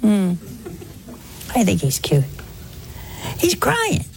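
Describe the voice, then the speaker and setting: A woman's voice: medium pitch, wildly swooping pitch, very slow, creaky, a little hiss or hum. A woman giving a spoken sermon to a congregation in a folksy way, full of rhetorical questions and anecdotes. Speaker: religious speaker.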